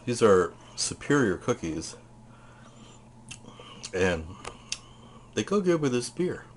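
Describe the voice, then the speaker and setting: A man's voice: on the low side, sing-song, takes it slowly, background noise. A man casually showing off his purchases, talking in a chatty, rambling way. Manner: chatty, rambling, tells stories; eats while talking.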